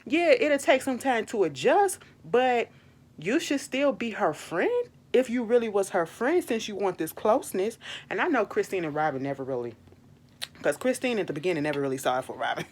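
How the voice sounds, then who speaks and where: A young woman giving an exasperated, animated, swearing recap of a reality show. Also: moderate pace, breathy edge. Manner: animated, exasperated, swears freely, jumps into high quoted retorts. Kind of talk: casual opinionated recap.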